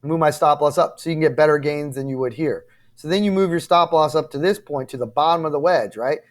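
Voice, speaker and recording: This man runs a crypto trading channel, speaking on the high side and a little fast as he explains charts. Casual yet emphatic and repetitive, he checks in often with "okay?" and "right?" and occasionally sounds apologetic and frustrated.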